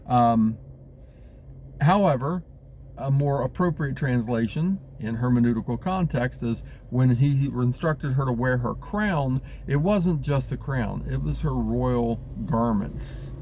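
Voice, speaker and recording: A man's voice: mid-range voice, slow pace, darkish tone, a little hiss or hum. A man who leads a congregation, teaching a Bible study in a conversational way with frequent fillers and restarts. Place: Pennsylvania.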